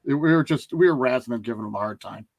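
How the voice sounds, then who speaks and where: Man, mid pitch, chatty anecdote, dry close sound. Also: fast, no room sound. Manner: chatty, teasing anecdote-teller. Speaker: podcast co-host. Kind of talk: casual storytelling.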